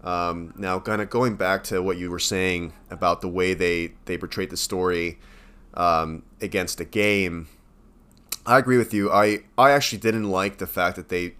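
Male podcast co-host, lowish voice, loose rambling delivery full of fillers and self-corrections. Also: fairly even intonation, moderate pace, sharp tone, clean tone. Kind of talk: casual chat.

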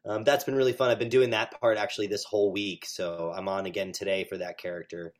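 A man, a stage actor, chatting as an interview guest, animated and full of fillers. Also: fairly low pitch, fast talker. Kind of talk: casual interview chat.

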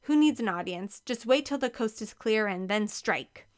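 A woman's voice: medium pitch, expressive, normal speed, close to an everyday voice. A woman playing a nervous, stammering teen boy. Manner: stammering, hesitant.

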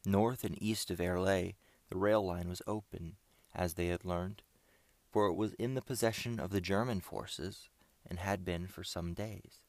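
A deep, gravelly male audiobook narrator reads a script in a steady, measured way, recorded dry.

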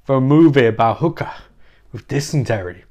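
A man putting on a deliberately poor impression of a famous male film actor, talking slowly and deadpan with odd pauses. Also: medium pitch, lightly acted. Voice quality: self-admittedly poor impression. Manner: slow, halting delivery with odd pauses.

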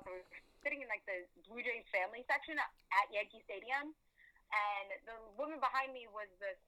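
A young woman guest on a podcast, telling a story in casual chat, animated and profane, acting out the dialogue she quotes. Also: mid-range voice, poor audio.

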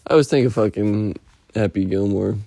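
A man's voice: fairly low pitch, fairly quick, vocal fry, dark tone, no room sound, studio quality. A man rambling through a casual, profane weekly update, telling stories and slipping into impressions. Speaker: podcast host.

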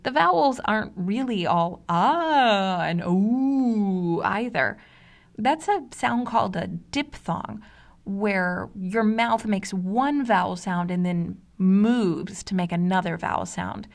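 A woman giving a scripted, analytical narration for a video essay, explaining things in a measured way. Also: mid-range voice, vocal fry.

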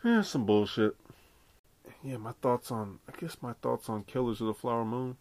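A man's voice: mid-range voice, moderate pace, a little mellow. A man hosting a podcast on his own, talking in a loose, rambling way and swearing freely. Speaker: podcast host. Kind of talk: casual solo podcast chat.

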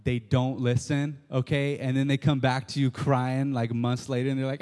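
A man preaching a sermon, telling stories in an animated way, acting out quotes and repeating key lines. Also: medium pitch, normal speed, hardly any pauses. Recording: long hall reverb.

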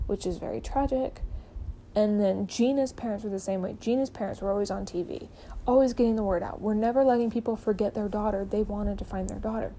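This podcast host's voice is warm and on the high side, captured on a rough recording with slight background noise. She retells a true-crime case casually, full of "like" and "um," and acts out the people she quotes.

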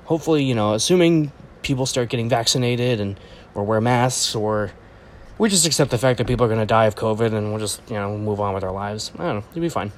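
A man's voice: lowish voice, quick pace, a little hiss or hum. A man hosting a comics channel, giving a casual, rambling reaction to a movie trailer with jokey asides and lots of ums. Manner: rambling and excitable, jokey asides, many fillers.

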